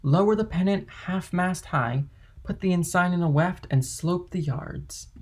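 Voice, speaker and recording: A man with a gravelly, husky voice voicing a dutiful young male ship's mate in an audiobook reading. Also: medium pitch, normal speed, darkish tone. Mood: earnest.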